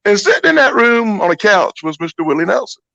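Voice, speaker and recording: Guy, gravelly and lively, profane yarn-spinner on a dull, lo-fi line. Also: high-pitched, fast talker, no echo. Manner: profane, animated storyteller who acts out the people in his stories. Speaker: guest storyteller. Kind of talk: casual storytelling chat.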